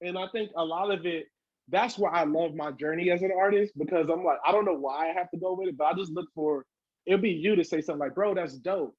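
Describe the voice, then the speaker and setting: A man with a high, husky voice talks loosely and swears freely as a podcast guest. He jumps into acted-out quotes. The sound is dry and a little dull. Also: fast, no echo. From Southern California. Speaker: guest hip hop artist. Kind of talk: casual podcast interview.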